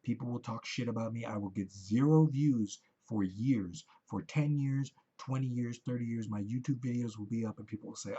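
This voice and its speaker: A man's voice: medium pitch, moderate pace, hardly any pauses, warm tone, slightly rough, lo-fi sound. A man ranting into the camera in a rambling, profane, heated monologue. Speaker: vlogger.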